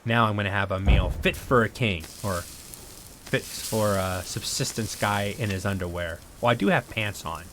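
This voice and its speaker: A man streaming a survival game live, thinking aloud in a relaxed, rambling way as he plays. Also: lowish voice, moderate pace, noisy background. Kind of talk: casual live-stream gameplay commentary.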